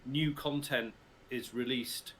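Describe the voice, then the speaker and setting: A man's voice: mid-range voice, fairly even intonation, takes it slowly, fairly bright tone, a little hiss or hum. A middle-aged English man with a Received Pronunciation accent, chatting as a voice actor guest in a casual livestream interview from his mother's house, joking and laughing easily. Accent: British Received Pronunciation. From England.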